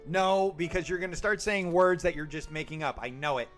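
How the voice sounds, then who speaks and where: High-voiced joking man streaming a game. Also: fairly quick, soft background music. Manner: joking, animated storytelling. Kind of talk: casual chat while gaming.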